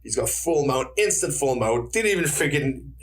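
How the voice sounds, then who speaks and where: A man's voice: medium pitch, moderate pace, slightly rough. A man, a retired fighter, telling stories in a casual interview, acting out quotes and swearing freely. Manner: animated storyteller, acts out quotes, swears freely.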